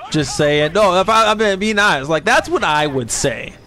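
A man in his thirties live-streaming a game, rambling and swearing casually, and jumping into high squeaky voices when he quotes people. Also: sing-song, normal speed, pushed and bright. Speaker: livestreamer. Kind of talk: rambling casual chat while gaming.

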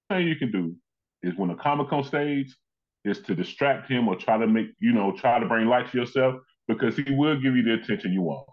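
A man's voice: mid-range voice, dull audio. A man who is a comedian and actor, telling stories as a guest in an interview and acting out the people he quotes. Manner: animated, acts out quoted people in his stories. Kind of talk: conversational storytelling in an interview.

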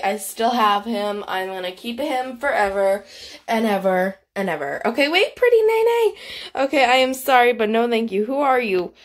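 A bubbly, giggly woman chatting through casual gameplay commentary as the host, her voice fading now and then. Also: fairly high pitch. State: voice keeps fading. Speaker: YouTuber host.

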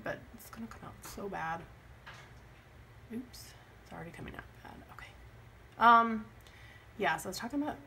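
A woman's voice: medium pitch, gravelly, fairly bright tone, a little hiss or hum. A young woman with a light lilt, chatting and rambling as she decorates her planner, often laughing at her own mistakes. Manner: rambling, chatty, self-deprecating. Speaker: planner vlogger. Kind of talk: casual chat while planning.

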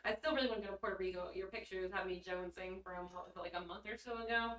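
A woman's voice: mid-range voice, rapid-fire, a bit bright. Bubbly, giggly woman livestreaming. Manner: bubbly, giggly, blunt, swears casually. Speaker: livestreamer reading chat. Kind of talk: casual livestream chat. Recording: roomy echo, mic at a distance.

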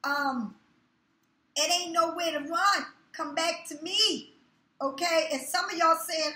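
A woman's voice: very high-pitched, slow pace, bright, forceful tone. A woman giving a tarot reading in a casual monologue, talking bluntly and scolding her viewers with plenty of swearing. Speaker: tarot reader. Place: room in her new home. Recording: echoey room.

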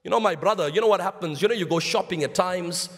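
A man's voice: high-pitched, fast. A man giving a sermon in a mosque with a South African accent, telling stories and addressing listeners as brothers while mixing in Arabic phrases. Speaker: Islamic lecturer. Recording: long reverb of a mosque hall.

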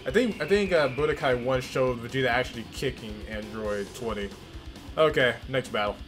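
A channel host with a mid-range voice comments casually on his gameplay at normal speed, game music playing behind him. He's excitable and profane, yelling as fights heat up.

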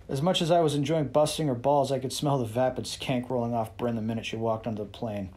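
A man's voice: mid-range voice, steady tone, fast talker, few pauses, darkish tone, breathy edge. A man reading a first-person novel aloud as narrator, in a wry, sarcastic and boastful manner.

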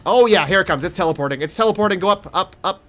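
A young man giving let's play commentary on a horror game, jumpy and profane, yelling at monsters and taunting them. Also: high voice, rapid-fire. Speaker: gaming streamer.

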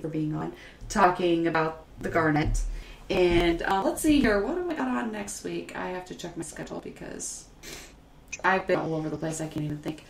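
A woman's voice: fairly low pitch, vocal fry. A woman hosting a podcast, chatting casually, telling stories freely with swearing and frequent laughter. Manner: lively storyteller, swears freely, laughs often. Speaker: podcast host. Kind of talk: casual chat. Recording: echoey room with faint noise.

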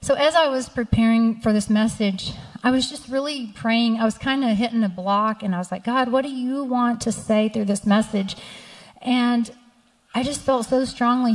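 A middle-aged woman pastor giving a sermon, telling personal stories and reading scripture aloud. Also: a little high. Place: church sanctuary. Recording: church hall reverb.

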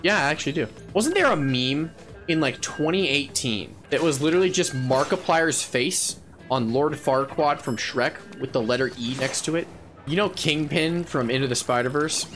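A playful, goofy male game streamer chats casually to viewers mid-match, joking, laughing often and yelling at his wins. His bright, forceful voice sits on the high side and swings widely, animated at a moderate pace, with faint music behind him.

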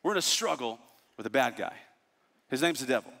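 A pastor in his thirties preaching a sermon, telling stories with lively asides. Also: medium pitch, fairly quick. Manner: animated storytelling, lively asides. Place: large church hall. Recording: long hall reverb.

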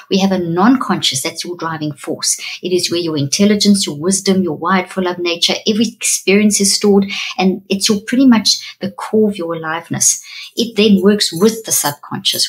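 A woman neuroscientist, a podcast guest, explaining in an earnest, emphatic teaching tone with repeated phrases. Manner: acts out inner self-talk in a higher voice.

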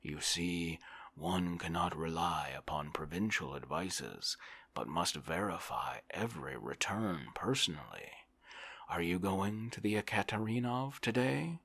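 A man's voice: deep voice, expressive, a little slow, vocal fry, fairly bright tone, husky, dry recording, full character voice. A man voicing an overworked male civil servant in a whispered role-play, complaining and self-important. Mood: harried.

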